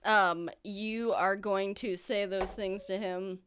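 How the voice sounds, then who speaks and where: A woman's voice: medium pitch, fairly even intonation, takes it slowly, a bit bright, smooth. A woman running a tabletop game as game master, narrating in a chatty way full of fillers and often breaking into laughter.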